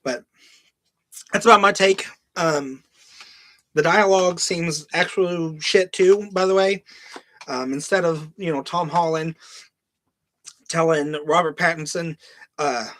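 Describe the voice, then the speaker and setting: A man's voice: fairly high pitch, steady tone, measured pace, pauses often, fairly bright tone, dry recording. A man hosting a podcast, ranting in casual, heavily profane commentary, now and then mocking film lines in a put-on voice. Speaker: podcast host.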